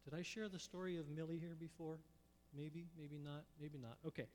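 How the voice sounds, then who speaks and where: A man preaching a sermon in a church, telling stories in a folksy, unhurried way. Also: on the high side, fairly even intonation, darkish tone, in a large hall. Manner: folksy storytelling with pauses. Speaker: pastor. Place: church sanctuary.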